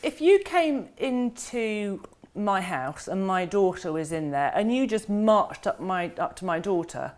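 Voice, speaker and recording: A woman's voice: medium pitch, expressive, darkish tone. A woman, a dog behaviour expert guest, talking casually in a TV studio and acting out dogs and owners as she explains. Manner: chatty, acts out dogs and owners in quick voices.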